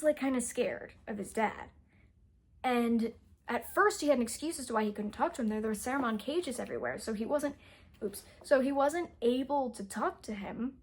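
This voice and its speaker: A woman's voice: on the high side, husky. A young adult woman casually recapping a novel's plot as a book reviewer, rambling and saying "like" constantly. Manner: rambling, heavy use of "like".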